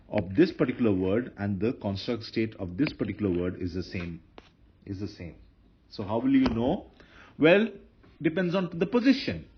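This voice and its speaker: A man teaching Hebrew grammar in a patient lecture, often repeating himself and correcting slips. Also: mid-range voice. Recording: dull lo-fi lecture recording with faint noise.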